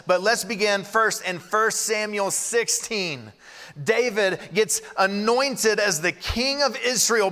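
A man in his thirties preaching a sermon, animated and acting out prayers and Bible voices. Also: sits high. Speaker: pastor. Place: large church hall. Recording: reverberant hall.

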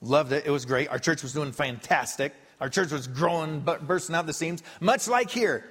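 A man's voice: a little high, normal speed, husky. A man preaching a sermon from a church stage, telling a story with a voice that swings up and down. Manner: animated storytelling, voice rising and falling. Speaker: pastor. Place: church sanctuary. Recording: long reverb of a hall.

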